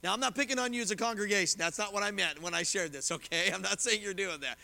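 A middle-aged male pastor teaching a sermon from scripture and commentaries, quick and conversational with reassuring asides to his congregation. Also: sits high, vocal fry, sharp tone. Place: church sanctuary. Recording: reverberant church hall.

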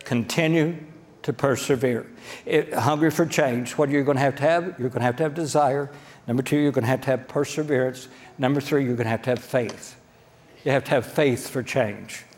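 A pastor with a medium-pitched, slightly mellow voice preaches fairly quickly in a church sanctuary. He keeps things folksy and direct, often checking in with the people in the pews, and the hall's reverb trails long behind him.

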